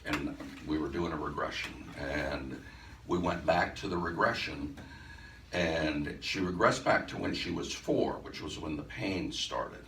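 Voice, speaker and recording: Speaking unhurriedly in a very deep yet fairly bright voice, a hypnosis instructor tells a story to a live audience in an event room. His lecture feels like conversation, full of restarts and acted-out exchanges. A distant mic picks him up in the echoey space, with faint noise behind.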